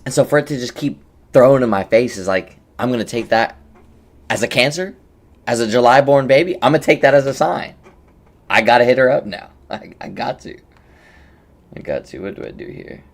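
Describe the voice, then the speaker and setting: A young man with a medium-pitched, animated voice talks at normal speed. He's streaming and coaching a game in a casual livestream chat, rambling, joking, and greeting viewers by name.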